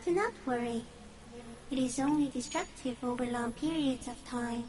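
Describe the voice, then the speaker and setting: A woman's voice: high voice, a little hiss or hum, close to an everyday voice, poor audio. A woman voicing an ancient eerie insect creature. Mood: calm. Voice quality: soft, drifting, often breathy. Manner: slow, otherworldly, halting phrases. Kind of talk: video game voice acting.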